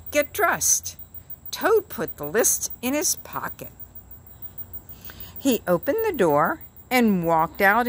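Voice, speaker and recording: A woman reading a children's book aloud in a slow, expressive storytelling manner. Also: mid-range voice.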